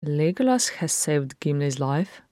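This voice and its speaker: A woman reading aloud plays a weary dwarf brother from a storybook, flat and sarcastic. The delivery is low, slow and dry. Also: dry recording. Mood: glum. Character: sardonic male dwarf, weary younger brother. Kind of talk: audiobook fan fiction reading.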